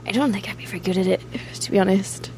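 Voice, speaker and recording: A woman's voice: mid-range voice, fast, darkish tone, a little hiss or hum. Chatty Scottish woman, laughing often. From Scotland. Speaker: guest musician. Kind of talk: casual interview chat.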